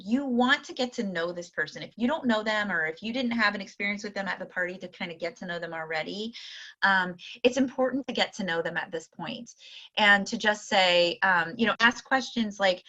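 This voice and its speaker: Chatty bright-voiced woman sales coach. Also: on the low side, a little fast, lo-fi sound. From Akron, Ohio. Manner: chatty, lots of fillers, acts out dialogue. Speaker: direct sales party consultant and coach. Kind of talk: casual coaching talk.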